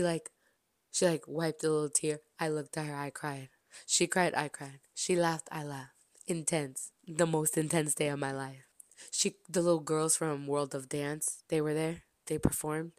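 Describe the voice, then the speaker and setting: A young woman with a low-pitched voice gushes through a story for her podcast listeners. She repeats herself for effect and swings from loud exclamations down to hushed asides. The recording is dry and close, with no room sound. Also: dry recording. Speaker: podcast host.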